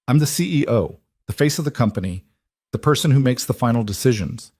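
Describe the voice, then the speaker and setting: A man's voice: medium pitch, lively intonation, brisk, darkish tone, no room sound, studio quality, pitched above the performer's own voice. A man voicing a weary, exhausted woman executive with a strained, pleading manner.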